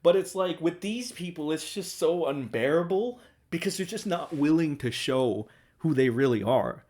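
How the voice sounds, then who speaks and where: A young man with a slightly high, a little mellow voice and lively intonation rants at a moderate pace as a commentary streamer reacting to social media posts. He's profane and sarcastic, mocking other people's voices.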